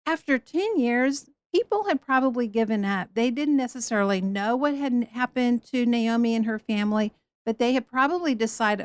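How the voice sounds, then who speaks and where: A woman teaches from the Bible with lively, animated storytelling, slipping into the people she quotes. Her voice sits fairly high. The recording is close and dry, with no room sound. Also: moderate pace, smooth, dry recording.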